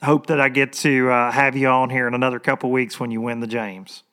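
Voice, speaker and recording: A man's voice: mid-range voice, flat delivery, brisk, bright, forceful tone. A middle-aged man from Tennessee hosting a casual podcast interview, talking in a folksy, easygoing way and laughing often. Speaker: podcast host.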